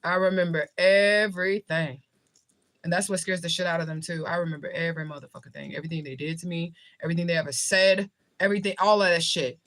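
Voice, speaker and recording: Talking very fast in a fairly low, slightly bright voice, this US livestream host and spiritual reader responds to viewer comments. Her casual chat is blunt and jokey, full of profanity and frequent laughter.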